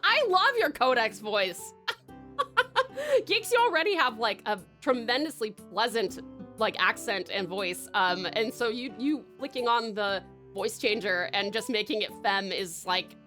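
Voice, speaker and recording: Soft background music plays as a young woman streamer reads viewer comments in casual live-stream chat. Her voice is a little high, expressive, fairly bright, and a little slow, and she laughs often and talks with many fillers.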